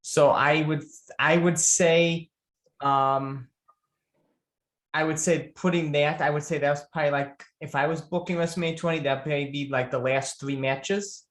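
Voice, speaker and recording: A man's voice: a little high, fairly even intonation, moderate pace, a bit bright. A man as a podcast guest in casual chat, thinking aloud and repeating phrases as he works out his answer. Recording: roomy echo.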